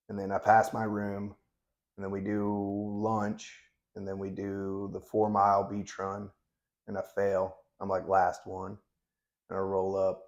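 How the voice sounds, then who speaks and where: Low gravelly-voiced man in his thirties. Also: a little mellow. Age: 30s. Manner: blunt, profane, laid-back storytelling. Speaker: guest. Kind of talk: casual interview storytelling.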